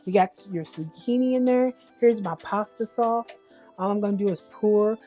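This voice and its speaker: A woman's voice: medium pitch, normal speed, mellow, husky, faint music behind. A woman giving a casual cooking demonstration at home, chatty and homey, often correcting herself as she goes. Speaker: home cook.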